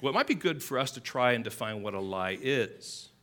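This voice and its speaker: A male pastor preaching a sermon in an animated way, acting out quoted lines with a louder, higher voice. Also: a little fast. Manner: animated, acts out quotes with rising pitch and volume.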